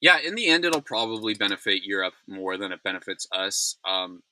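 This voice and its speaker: A man's voice: lowish voice, brisk, bright, forceful tone, slight background noise, low-quality recording. Tired, rambling male news host. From United States. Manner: tired, rambling, self-deprecating, many fillers. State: yawning, frazzled. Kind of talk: casual solo news commentary.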